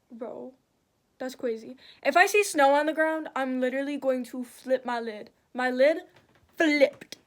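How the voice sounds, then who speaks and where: This young woman has a high voice and chats casually as she does her makeup. She tells a story with heavy swearing and plenty of animated retelling.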